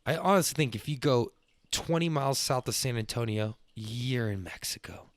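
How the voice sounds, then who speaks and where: A young man, hosting a podcast as a rambling, profane monologue that gets louder when he is worked up. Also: mid-range voice, normal speed, no echo. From Texas. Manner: profane, loose and excitable, swings up when worked up. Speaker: podcast host.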